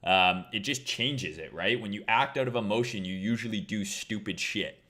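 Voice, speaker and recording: Profane, bright-voiced male trading streamer. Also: lowish voice, moderate pace. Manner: blunt, profane, rambling. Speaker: trading livestream host. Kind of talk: casual livestream talk.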